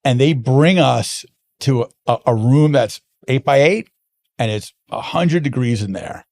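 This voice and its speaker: A man's voice: mid-range voice, measured pace, gravelly. A man being interviewed, telling long stories in a casual chat with lots of restarts. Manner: animated anecdotes with frequent restarts. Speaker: guest, wine importer.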